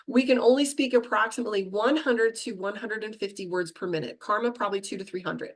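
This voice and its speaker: Fast-talking woman teaching meditation. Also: mid-range voice. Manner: fast-talking, chatty, laughs at herself. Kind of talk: teaching a class.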